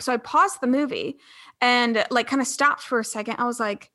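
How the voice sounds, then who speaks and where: Bright-voiced young woman telling her story. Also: fairly high pitch. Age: 20s. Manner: candid, rambling, fast with many restarts. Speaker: guest. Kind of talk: casual storytelling interview.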